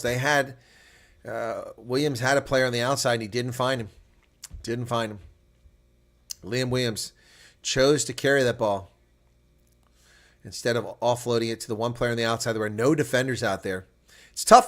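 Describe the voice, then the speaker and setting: With a mid-range voice, a man covers a rugby match as live reaction commentary. He describes the action calmly, then erupts into excited shouts on the biggest plays.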